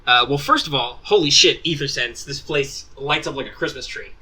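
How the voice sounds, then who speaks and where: A man's voice: mid-range voice, fairly quick, pushed and bright, slightly rough, low-quality recording. A man running a tabletop role-playing game as game master, narrating in a rambling way full of asides. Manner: rambling, many ums and asides.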